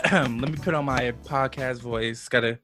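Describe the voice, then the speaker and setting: An excitable young man hosts a casual podcast chat, quick to laugh and heavy on slang. His voice sits mid-range for a man, with faint music behind him. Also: mid-range voice. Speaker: podcast host.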